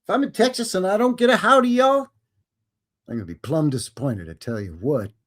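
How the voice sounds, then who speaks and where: A man's voice: on the high side, huge pitch swings, fast talker. A man hosting a casual live stream, joking and rambling and now and then slipping into silly voices. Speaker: host.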